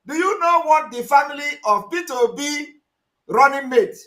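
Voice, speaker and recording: A Nigerian man delivers heated livestream commentary in a high, sharp voice. He keeps repeating his points and sometimes breaks into shouts. The sound carries a roomy echo. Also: expressive, normal speed. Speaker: online commentator. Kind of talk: livestream commentary on news clips.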